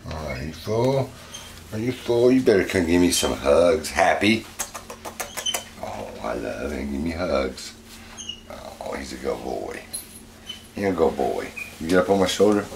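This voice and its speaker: Low-voiced man doting on his pet. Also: very animated, measured pace, long pauses. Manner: coaxing, doting pet talk. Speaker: pet monkey owner and channel host. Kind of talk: casual vlog talk to a pet. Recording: clear background noise.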